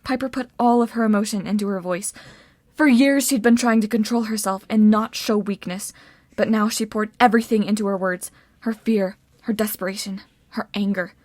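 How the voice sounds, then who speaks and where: A woman narrating an audiobook in a steady storytelling manner. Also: mid-range voice, moderate pace, dry recording.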